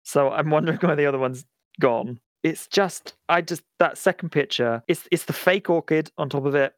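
A man's voice: a little high, normal speed, no room sound, clean studio sound. A man co-hosting a comedy podcast, chatting casually, giggling often and rambling with repeated words. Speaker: podcast co-host.

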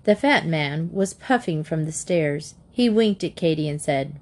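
A woman reading a children's book aloud in a gentle, expressive narration. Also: deep voice, measured pace. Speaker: audiobook narrator.

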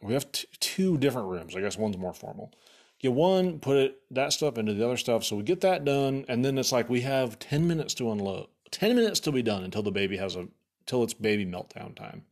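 A medium-pitched man talks a little fast as he rambles through a casual story, packed with profanity and "like" fillers. His retelling is animated and exasperated.

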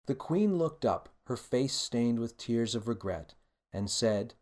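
A man, a children's author, narrating a storybook in a gentle, measured read-aloud manner. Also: medium pitch, lively intonation. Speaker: children's author and podcast host.

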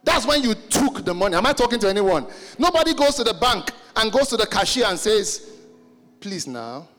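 A pastor preaches with emphasis and keeps calling out to his listeners. His voice sits high for a man. It rings through a reverberant church hall with soft music underneath. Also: expressive, brisk. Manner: emphatic, calls out to the congregation. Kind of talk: sermon.

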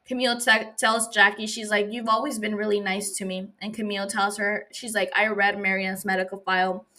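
A woman hosting a recap podcast, her voice bright and forward. She talks casually and animatedly, dropping swears and big reactions as she retells the story. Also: mid-range voice, fairly quick. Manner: animated, profane, gushing reactions. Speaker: podcast host recapping a TV episode.

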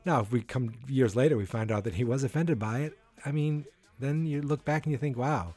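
A man's voice: medium pitch, fairly quick, warm tone, slightly rough, faint music behind. A man hosting a casual solo wrestling prediction podcast, rambling, correcting himself and thinking aloud as he talks.

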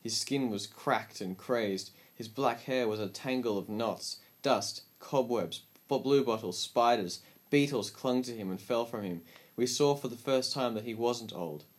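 A man reading a story aloud as an audiobook narrator, with calm, measured storytelling. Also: mid-range voice.

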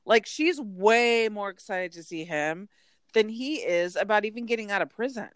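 A woman co-hosting a casual chat, animated and storytelling, full of "like" asides. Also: medium pitch, moderate pace, no echo, clean studio sound. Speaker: podcast co-host. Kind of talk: casual chat recapping a reality show.

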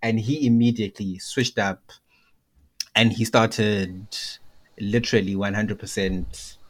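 A man's voice: on the low side, fairly even intonation, unhurried. A young man chatting casually as a podcast co-host, telling stories and checking in with "right?". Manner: storytelling, keeps checking in with "right?". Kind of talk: casual chat.

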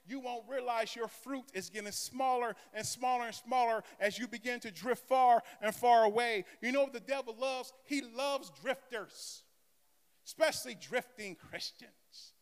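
A man's voice: very high-pitched, moderate pace, clean tone. A male pastor preaching a sermon in an impassioned, emphatic way. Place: church sanctuary. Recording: echoey church hall.

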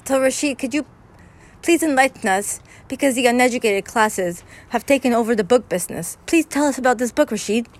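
Teasing woman, somewhat high voice. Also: brisk. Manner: teasing, giggly, mock-formal. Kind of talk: improvised comedy banter.

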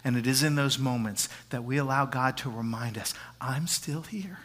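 A man's voice: medium pitch, steady tone, brisk. Dynamic preacher man in a reverberant hall. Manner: dynamic preaching that swings from loud emphasis to soft whispers. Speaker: pastor. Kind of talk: sermon. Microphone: handheld microphone.

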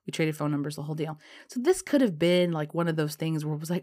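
Woman, deep voice, casual storyteller, filler-heavy, animated. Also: fast talker. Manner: chatty, lots of fillers like "um" and "you know"; lively, acts out dialogue in her story.

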